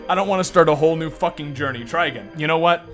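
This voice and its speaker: A man playing a text adventure game and reading it aloud, animated, laughing often and swearing freely. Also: a little high, brisk, faint music behind. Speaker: gaming video creator.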